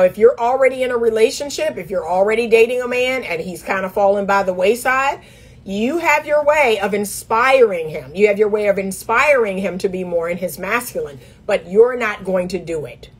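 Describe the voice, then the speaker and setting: A middle-aged woman, a dating coach, giving emphatic, sassy dating advice straight to camera, laughing often and mimicking others in a high voice. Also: husky.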